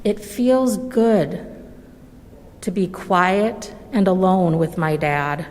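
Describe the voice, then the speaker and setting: A woman reading a children's story aloud at a church service, gentle and measured. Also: lowish voice. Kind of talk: slow storybook read-aloud. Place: church sanctuary. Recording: long reverb of a large hall.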